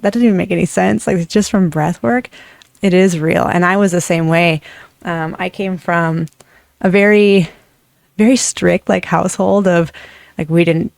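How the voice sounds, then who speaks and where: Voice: mid-range voice, gravelly, dry recording. A breathwork facilitator in their thirties telling a personal story casually, rambling with many "like" fillers.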